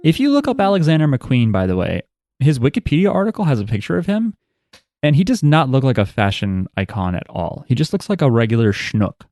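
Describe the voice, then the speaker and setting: A man's voice: medium pitch, huge pitch swings, a little fast, a little mellow, no echo, studio quality. A man co-hosting a podcast in casual chat, joking and rambling with some swearing. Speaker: podcast co-host.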